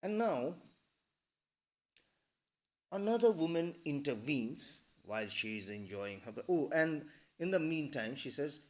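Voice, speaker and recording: A man's voice: a little high, sing-song, a little slow, long pauses. A man, reading a story aloud and explaining it to a class, often checking in with "all right?". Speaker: English teacher.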